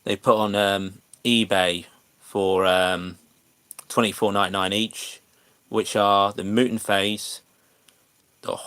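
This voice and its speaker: A man's voice: lowish voice, level tone, takes it slowly, long pauses, a bit bright, smooth, no echo. An English man chatting casually to viewers on a livestream, hesitant and full of fillers and restarts. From England.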